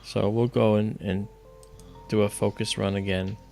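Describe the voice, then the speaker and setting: Guy with a gravelly, lowish voice, casually walking folks through stuff on a livestream. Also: little pitch movement, unhurried, a little mellow, faint music behind. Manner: loose, explains step by step with fillers. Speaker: astronomy livestream host. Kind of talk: casual explanatory livestream talk.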